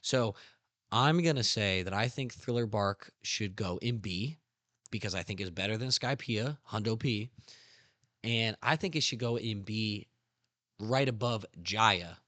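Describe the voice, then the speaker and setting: A young man hosting a casual podcast, excitedly retelling anime scenes with slang and acting out character lines. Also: lowish voice, unhurried, no room sound. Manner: animated storytelling with slang, acts out character lines. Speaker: podcast host.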